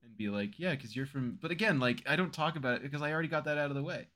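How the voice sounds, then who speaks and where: A man's voice: on the high side, racing, fairly bright tone. A man co-hosting a podcast in casual chat, playful and giggly as he tosses out silly hypotheticals. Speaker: podcast co-host.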